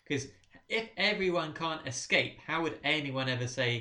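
A woman's voice: deep voice, lively intonation, normal speed, bright, forceful tone. A woman co-hosting a podcast, chatting casually and teasing with pointed questions. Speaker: podcast co-host. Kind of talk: casual chat. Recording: echoey room.

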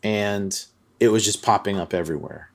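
A man with a fairly low voice hosts a podcast and retells a story to a co-host. His delivery is casual and loose, with filler words and restarts sprinkled through his sentences. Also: moderate pace, creaky, over a noisy crowd. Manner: loose and chatty, many fillers like "like".

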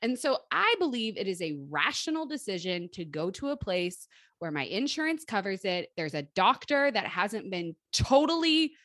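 A woman's voice: medium pitch, sing-song, normal speed, fairly bright tone, no room sound, clean studio sound. A woman in her thirties co-hosting a chatty podcast, talking bluntly and swearing freely. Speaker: podcast co-host. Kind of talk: casual chat.

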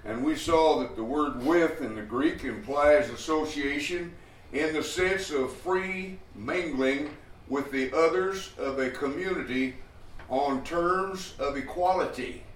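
A man preaching an expository Bible lesson, slow and deliberate, with frequent pauses and fillers. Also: on the high side. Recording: echoey room picked up from a distance.

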